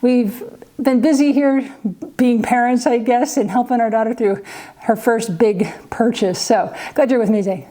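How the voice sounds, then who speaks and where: A woman's voice: on the high side, normal speed, dark tone. A middle-aged woman from Kansas telling a family story in a chatty vlog, acting out the quoted voices with little laughs. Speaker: vlogger, mother.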